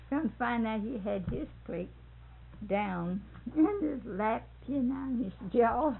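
An older woman recalls family life in a casual oral history, laughing often as she tells her stories. Her voice is a little high and unhurried, with vocal fry, captured on tinny, phone-like old tape.

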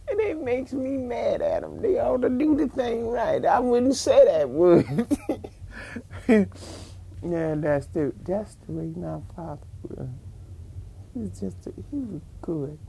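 Casting: older woman, slow gravelly voice, lively storyteller acting out family dialogue on an archive tape. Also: medium pitch, a little hiss or hum. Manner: animated, acts out family dialogue. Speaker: interviewee. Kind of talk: oral history storytelling.

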